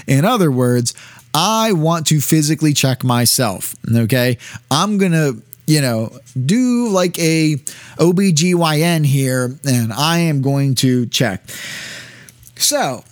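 Man, fairly high voice, reads and explains a text, halting, dry close sound. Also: lively intonation, no room sound. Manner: hesitant, many fillers and restarts. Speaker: teacher. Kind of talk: reading a text aloud with commentary.

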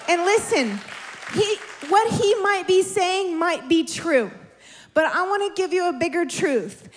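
A woman with a high, bright-pitched voice preaches at a church service. She repeats her phrases with mounting passion, rising at times to shouts as she exhorts the congregation. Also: animated, moderate pace, a faint crowd. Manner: impassioned, repetitive, building to shouts. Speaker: preacher giving prophetic words. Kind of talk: charismatic sermon. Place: church service in a warm room.

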